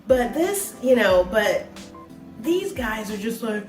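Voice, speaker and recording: A woman's voice: sits high, very animated, unhurried. A woman in her forties chatting casually as a travel vlogger, rambling with many fillers. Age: 40s. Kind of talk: casual chat. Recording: echoey room, mic far off, faint music.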